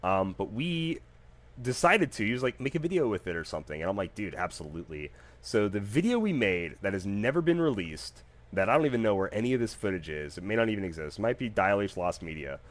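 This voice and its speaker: A man hosting his own podcast, telling stories in a casual, animated, jokey way with plenty of fillers. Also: lowish voice, a little fast. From United States. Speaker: podcast host. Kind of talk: casual solo podcast storytelling.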